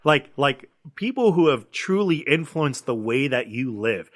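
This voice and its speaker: A man co-hosting a film podcast in a loose, chatty way, full of "like" and restarts. His voice is bright and forward, and it rises with excitement when he reads out movie trivia. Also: medium pitch, measured pace. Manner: enthusiastic, filler-heavy, reads trivia aloud. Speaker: podcast co-host. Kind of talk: casual movie podcast chat.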